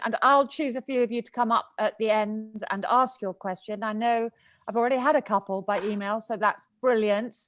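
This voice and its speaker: British woman, fairly high voice, hosting a video call event, chatty. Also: a bit bright. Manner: chatty, giggly, loose. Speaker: event host.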